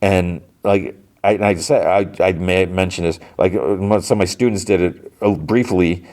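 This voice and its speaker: Deep-voiced man rambling through a recap. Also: normal speed. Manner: rambling, animated retelling with many fillers and restarts. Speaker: podcast host. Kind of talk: casual episode recap.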